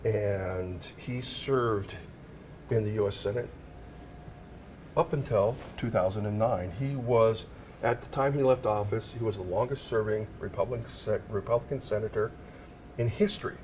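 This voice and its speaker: A man who works as a news photographer, telling a lively anecdote in a casual chat on a TV news segment. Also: lowish voice, normal speed, a little hiss or hum. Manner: animated anecdote teller, acts out quoted voices. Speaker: news photographer and history storyteller. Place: TV news studio.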